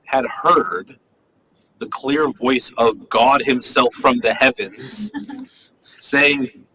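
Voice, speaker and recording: In a low-quality recording with a little hiss or hum, a man lectures a class on a Bible passage. His mid-range voice is sharp-toned and slow, and he talks conversationally with many fillers, often checking in with "right?".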